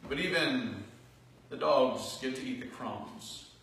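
A male pastor preaching a sermon in a church, earnest, rising into loud emphatic phrases and dropping to soft asides. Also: mid-range voice, expressive, slow. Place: church sanctuary. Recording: distant, very echoey church hall recording with faint noise.

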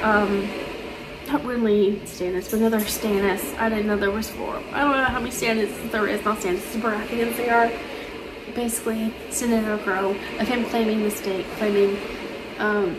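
A woman's voice: mid-range voice, background noise. A woman chatting casually to camera as a book vlogger, rambling with lots of ums and restarts. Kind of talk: casual chat.

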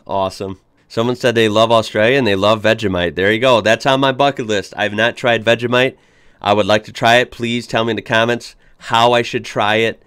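A man's voice: fairly low pitch, moderate pace, fairly bright tone, clear, resonant tone, no room sound, studio quality. A young American man hosting a reaction video, chatting casually and upbeat with frequent fillers and restarts. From United States.

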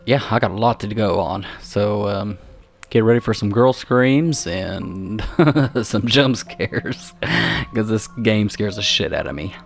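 A man hosting a horror-game let's play, swearing, taunting enemies and getting excited as he plays. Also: lowish voice, slow, creaky, faint music behind. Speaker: gaming channel host.

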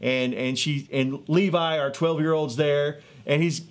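A man in his thirties or forties, a street evangelist telling a healing testimony in an earnest, excitable way with many fillers and restarts, outdoors in a neighborhood. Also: on the high side, measured pace. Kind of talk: animated testimony storytelling.

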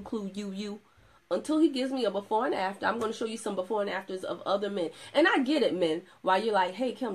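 Animated, chatty woman with gravelly edge. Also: medium pitch. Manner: animated, chatty, with playful asides and laughter. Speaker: product distributor showing client results. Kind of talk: casual video chat.

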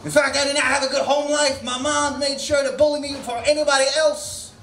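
A man doing a loud, crude stand-up set at an open mic, shouting his punchlines. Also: very high voice, level tone, fairly quick. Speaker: comedian. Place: comedy venue stage. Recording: roomy echo of a small venue.

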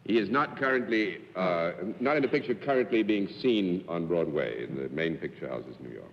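A man hosting a TV panel game, moderating with genial brisk remarks. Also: low voice, animated. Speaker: game show host. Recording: dull 1950s TV studio sound with hall echo.

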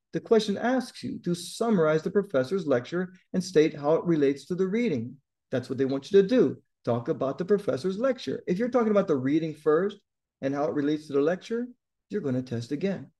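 A man's voice: on the high side, dark tone. A man teaching a test-prep lesson straight to his viewers, emphatic and blunt but encouraging. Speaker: TOEFL tutor. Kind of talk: direct-to-camera lesson.

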